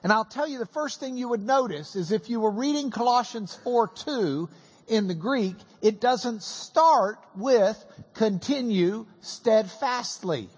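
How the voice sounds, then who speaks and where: Slow, lively preacher in a reverberant hall. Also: mid-range voice, husky. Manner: folksy, joking Bible teaching. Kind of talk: sermon.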